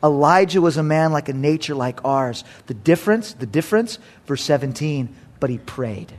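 A man preaching a sermon, telling a story with lively acted-out voices and swinging between loud emphasis and quiet asides. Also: fairly high pitch, moderate pace. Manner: animated storytelling, acting out characters. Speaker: pastor.

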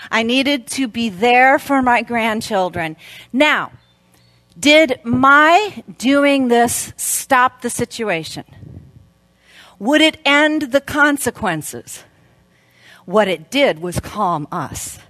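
A woman in her fifties speaking at a women's church event, telling a story in an animated way and laughing often. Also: fairly high pitch, takes it slowly, dry recording.

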